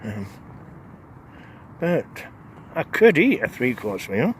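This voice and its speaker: A man's voice: mid-range voice, very animated, slow, a little hiss or hum. A man vlogging casually to camera from a tent while out camping, rambling and chuckling as he talks. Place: tent outdoors in wind.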